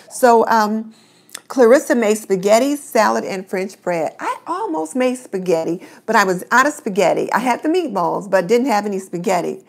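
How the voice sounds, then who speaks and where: A woman's voice: a little high, creaky. A middle-aged woman hosting a casual live stream, chatting and greeting viewers by name.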